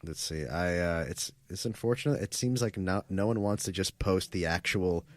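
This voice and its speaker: A man's voice: low-pitched, normal speed. Wry, rambling male podcast host. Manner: rambling, wry, self-interrupting. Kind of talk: casual comedy podcast chat.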